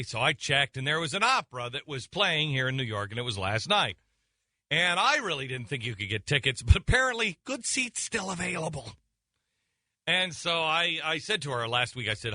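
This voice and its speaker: A man's voice: fairly high pitch, sing-song, normal speed, pushed and bright, no room sound. A man in his forties, a radio talk show host, telling a comic story in a sarcastic, rambling way from a studio mic. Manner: sarcastic and rambling, with many restarts. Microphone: close studio mic.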